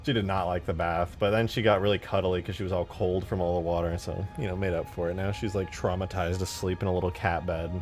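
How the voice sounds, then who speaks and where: A young man chatting casually on a live stream while modding a game, laid-back, breaking into animated storytelling. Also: sits low, fast talker, faint music behind. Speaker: streamer and modder.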